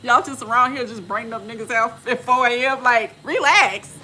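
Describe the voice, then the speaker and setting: A woman's voice: a little high, steady tone, quick pace, pushed and bright, a little hiss or hum. A woman in her forties from Texas, telling travel stories in casual, slangy chat and laughing often. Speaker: vlogger and respiratory therapist.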